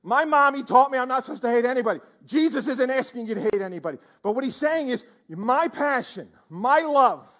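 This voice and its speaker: A man's voice: very high-pitched, lively intonation, fairly quick, hardly any pauses, fairly bright tone. A male pastor preaching a sermon in church, exclaiming and prodding the congregation with questions.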